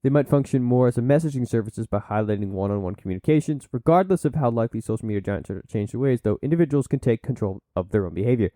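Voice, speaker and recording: A man's voice: mid-range voice, lively intonation, fast, hardly any pauses, dark tone, no echo. A man hosting a solo podcast, reading from sources and breaking off into blunt asides and silly put-on voices. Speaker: podcast host.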